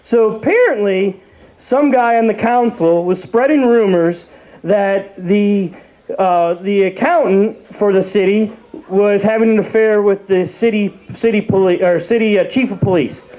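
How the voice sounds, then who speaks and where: A man's voice: sits high, unhurried, mellow, low-quality recording. A young man from Cleveland doing a rambling open mic stand-up set, full of fillers and restarts. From Cleveland, Ohio.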